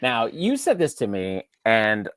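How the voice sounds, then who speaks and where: A man's voice: lowish voice, huge pitch swings, measured pace, a bit bright, clear, resonant tone, dry recording, studio quality. A man co-hosting a podcast, chatting casually and tossing in wry asides. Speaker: podcast co-host. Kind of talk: casual chat.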